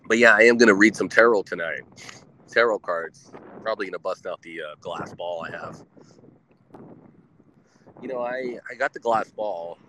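A man's voice: fairly low pitch, normal speed, pauses often, bright, forceful tone, slight background noise, low-quality recording. A man hosting a live talk show outdoors, rambling and heavily profane and often laughing. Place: outdoors in the wind.

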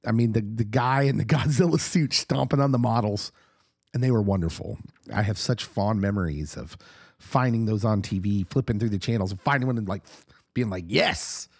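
A middle-aged man who co-hosts a podcast, talking casually while hoarse and husky from a recent illness, animated and laughing often. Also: fairly low pitch, a little fast, no echo, studio quality. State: hoarse, getting over an illness. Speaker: podcast co-host, pastor.

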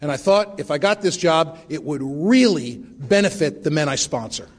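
Middle-aged guy telling his sobriety story at a meeting, kinda high voice, pokes fun at himself. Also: lively intonation, moderate pace. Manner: wry, self-mocking humor. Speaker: AA speaker sharing his story. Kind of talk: recovery meeting share, storytelling.

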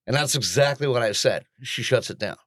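A man's voice: medium pitch, a little fast, dry recording. Middle-aged guy cohosting a podcast, voice swings all over the place, laughs at himself a lot, dry close sound. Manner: animated, self-mocking storyteller who laughs often. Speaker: podcast co-host. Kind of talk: casual storytelling chat.

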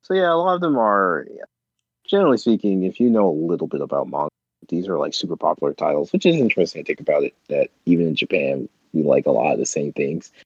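Deep-voiced man, rambling casual chat. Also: lively intonation, quick pace, breathy edge, dry recording, muffled recording. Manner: rambling, many restarts and fillers. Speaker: podcast co-host.

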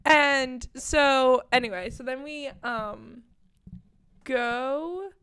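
Woman co-host, casual chat, animated storyteller with gushing fan energy, pitched a little high. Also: extremely slow.

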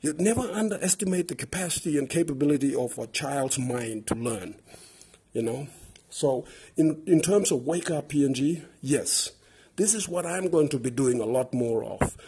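Man, Papua New Guinean English accent, podcast host, passionate advocacy monologue, very husky voice. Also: medium pitch, a little mellow. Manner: impassioned, repeats words and builds lists.

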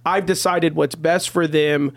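A man's voice: fairly high pitch, steady tone, a little slow, vocal fry, no echo. A man who is a pastor, talking on a podcast in an earnest storytelling way, often saying "you know". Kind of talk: casual podcast conversation.

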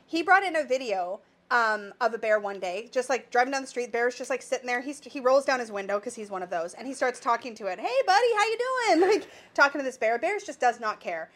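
A woman's voice: on the high side, lively intonation, brisk, hardly any pauses, a bit bright. A woman with a Canadian accent, co-hosting a casual podcast and telling a rambling story full of asides. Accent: Canadian English. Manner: chatty storyteller, many restarts and quoted asides. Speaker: podcast co-host. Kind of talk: casual chat.

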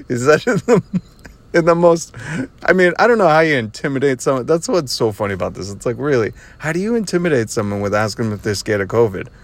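A man's voice: medium pitch, big pitch swings, fast talker. A man hosting his own podcast, telling a casual story with a lot of sarcasm and frequent laughter, recorded while driving. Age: adult with children. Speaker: podcast host. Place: driving in a car.

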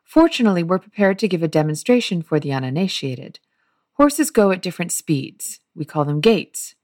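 A woman's voice: lowish voice, very animated, normal speed, darkish tone, dry recording, clean studio sound. A woman reading a wry young man who addresses a theatre audience in a play.

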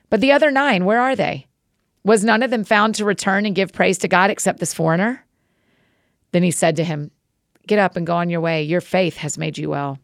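Woman reading scripture aloud, bit of vocal fry, dry close sound. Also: fairly low pitch, dry recording. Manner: friendly, encouraging intro then steady reading. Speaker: podcast host reading scripture.

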